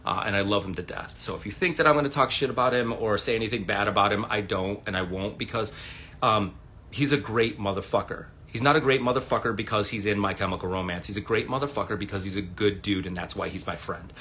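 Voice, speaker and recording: A man's voice: on the low side, fast, pushed and bright, a little hiss or hum. A man in his thirties casually telling rambling stories on a livestream from his room at home, swearing freely, using many fillers and restarts, and acting out what people said. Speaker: livestream host.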